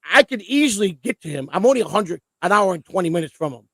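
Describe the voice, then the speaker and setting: Fast-talking, profane male stream host. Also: high-pitched, no room sound. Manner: rambling, profane, excitable. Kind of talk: casual livestream chat.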